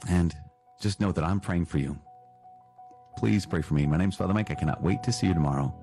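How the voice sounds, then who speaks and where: A priest talking in a casual, self-deprecating way about spiritual life, congested from a cold and often repeating himself. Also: male voice, low voice, brisk, mellow, soft background music.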